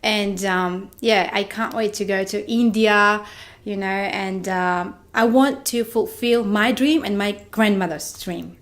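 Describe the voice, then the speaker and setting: A woman's voice: medium pitch, steady tone, takes it slowly. A young woman from Georgia, an actress answering interview questions eagerly in simple phrases, often adding "you know".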